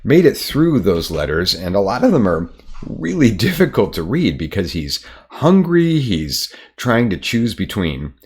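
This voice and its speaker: An American man, an artist and art teacher, talking casually to camera in his studio, relaxed and chatty with frequent ums. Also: fairly low pitch, measured pace, husky. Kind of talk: casual explanatory talk to camera.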